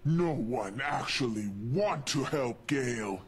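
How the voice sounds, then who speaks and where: A man's voice: mid-range voice, lively intonation, slow pace, slightly rough, full character voice. An actor playing a huge, angry male super mutant who speaks in broken sentences and refers to himself in the third person. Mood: aggrieved, threatening. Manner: broken speech, referring to self in third person, shouting bursts. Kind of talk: video game dialogue.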